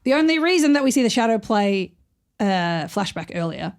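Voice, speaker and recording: A woman's voice: mid-range voice, sing-song, normal speed. Woman acting out scenes on a podcast. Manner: retells scenes by acting out the characters' lines. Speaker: podcast co-host. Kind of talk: casual recap chat.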